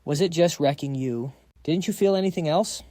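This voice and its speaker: A man reads as a cocky, smug young rich guy who teases everyone. The voice is mellow and slightly high. It is recorded close and dry. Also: moderate pace, dry recording, natural voice. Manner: smug and teasing.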